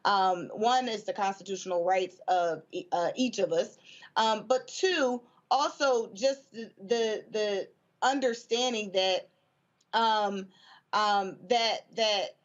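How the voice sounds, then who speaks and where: Woman, panel guest, halting speech, fillers, heartfelt, dull remote audio. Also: mid-range voice. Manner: halting, many fillers, emotional. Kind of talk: news talk show discussion.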